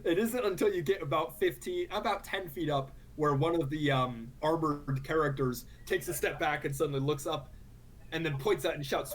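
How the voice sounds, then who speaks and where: Giggly male game master, slightly high voice, noisy stream audio. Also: fairly even intonation. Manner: laughing often, halting with fillers. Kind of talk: narrating a tabletop game.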